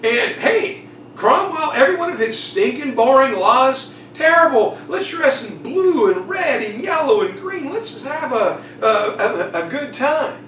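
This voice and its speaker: A man voicing a brash young king who talks loud slang and boasts. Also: extremely high pitch, very animated, a little slow, echoey room, distant mic, slight background noise, pitched above the performer's own voice, full character voice. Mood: boisterous.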